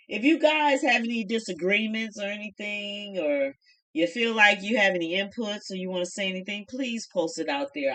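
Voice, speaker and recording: Bright-voiced chatty woman reviewer. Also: mid-range voice. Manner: chatty, folksy, opinionated. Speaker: reality show reviewer. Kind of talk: casual chat review.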